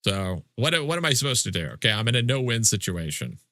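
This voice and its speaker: A man's voice: lowish voice, big pitch swings, quick pace, bright, forceful tone, no echo. A man streaming a game live, chatting casually with viewers in mock-indignant, joking complaints and swearing freely. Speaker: livestreamer. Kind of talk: casual livestream chat with viewers.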